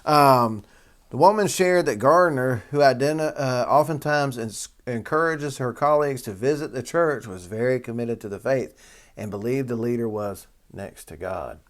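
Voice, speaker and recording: A man's voice: medium pitch, lively intonation, a little fast. A man, hosting a casual talk show and reading a news article aloud with rambling asides. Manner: folksy, rambling, with y'all and asides. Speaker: host.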